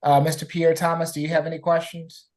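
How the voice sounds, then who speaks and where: Low-voiced woman judge, stern. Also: flat delivery, darkish tone, rough recording. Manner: measured, stern questioning. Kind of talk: court hearing.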